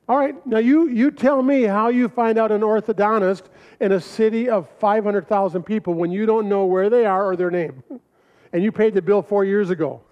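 A middle-aged man telling animated personal stories to an audience, acting out quoted voices and laughing often. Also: high-pitched. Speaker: speaker presenting his family records manual. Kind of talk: storytelling talk to an audience. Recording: dull lo-fi recording.

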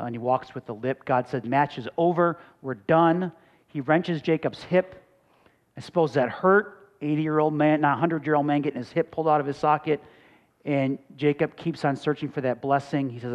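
A middle-aged man from Michigan, a pastor preaching a sermon, rising to loud emphatic peaks and dropping into quiet storytelling asides. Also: medium pitch, highs cut off.

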